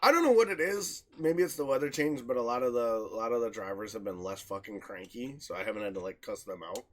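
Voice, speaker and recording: A man's voice: mid-range voice, quick pace. A man co-hosting a casual podcast, swearing freely, laughing a lot and acting out stories. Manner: profane, laughs often, animated storytelling. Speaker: podcast co-host. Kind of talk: casual chat.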